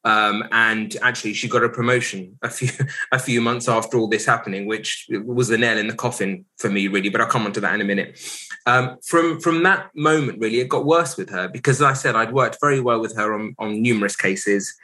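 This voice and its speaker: A man, recounting a painful story from his working life. His voice sits fairly low but has a bright, forceful edge. He speaks candidly and reflectively, hesitating and restarting often. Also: fairly quick, low-quality recording. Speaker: podcast guest, solicitor.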